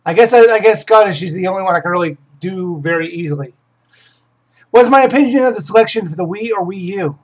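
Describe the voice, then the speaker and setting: Speaking quickly with lively intonation and a medium pitch, a game reviewer runs a casual live question session, captured in rough audio. The host rambles through opinions on games, self-correcting and restarting sentences many times.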